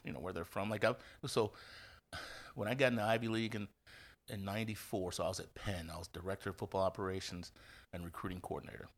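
This man speaks in a low, gravelly, somewhat husky voice. He is from Indiana and tells stories freely in a relaxed interview, with many restarts and little voices for the people he quotes. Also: fast talker. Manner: animated storyteller, acts out quoted voices, many fillers and restarts. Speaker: guest, football coach. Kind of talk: casual storytelling interview.

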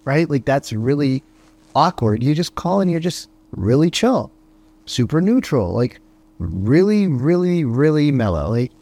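With a slightly high, sing-song, dark-toned voice and no room sound, a male sales coach gives a motivational podcast monologue. He fires rhetorical questions, tags points with "right?", and performs phone calls in quick voices.

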